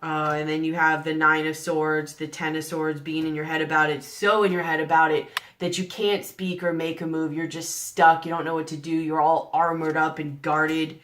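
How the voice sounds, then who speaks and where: A woman's voice: low-pitched, flat delivery, normal speed, hardly any pauses, a bit bright. A woman giving a general tarot reading to camera, earnest and coaxing, asking the listener one rhetorical question after another. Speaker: tarot reader.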